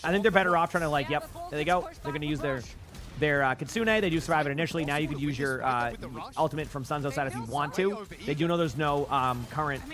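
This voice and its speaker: A man with a fairly high voice reacts to a professional match on a live stream, rattling off esports commentary in a fast, auctioneer-like patter.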